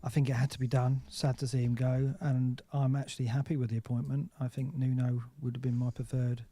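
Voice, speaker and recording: A man's voice: mid-range voice, level tone, a little fast, warm tone, no room sound. A man co-hosting a casual podcast in an easygoing, wry way. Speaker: podcast co-host. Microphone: desk mic into podcast mixer.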